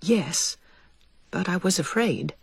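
A woman voicing a timid but determined mother field mouse in a storybook, speaking softly and hesitantly. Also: on the low side, animated, slow, vocal fry, breathy edge, no room sound, studio quality, heavily acted. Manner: soft, hesitant.

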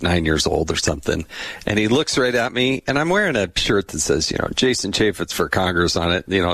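A man's voice: lowish voice, no room sound. Chatty middle-aged male podcast host. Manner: chatty, tells funny anecdotes with animated quoted voices. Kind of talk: casual political podcast chat.

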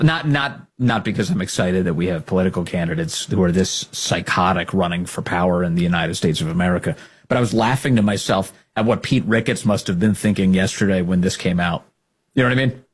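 A man hosting a political commentary show, talking in an animated, mocking way. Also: lowish voice, husky. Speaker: show host.

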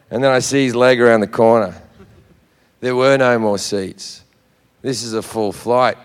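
An Australian man doing stand-up, telling a story in a brash, profane, animated way. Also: medium pitch, smooth. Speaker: stand-up comedian. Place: live venue with audience. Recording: echoey hall with crowd noise.

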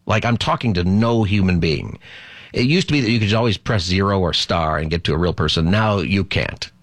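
A man's voice: low-pitched, fairly quick, no room sound, studio quality. A middle-aged man hosting a call-in radio talk show, chatty and rambling, often laughing.

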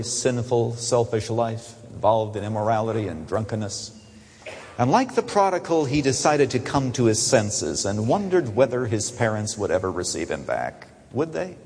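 A man preaching a sermon, his voice lifting high on the key points and dropping to a hush on the asides. The tone is husky, and a long reverb trails each phrase through the large hall. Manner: animated preaching, swinging from soaring emphasis to hushed low asides.

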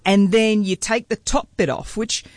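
A woman co-hosting a radio show in casual studio banter, teasing and bossy with deadpan jokes. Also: mid-range voice, normal speed, no echo. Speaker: radio co-host.

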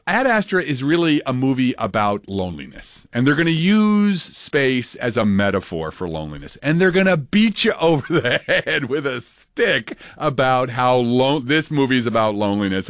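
A male scientist guest talking in an animated, halting way, full of restarts, in a casual interview. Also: medium pitch, dry recording, studio quality. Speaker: scientist guest, film script consultant.

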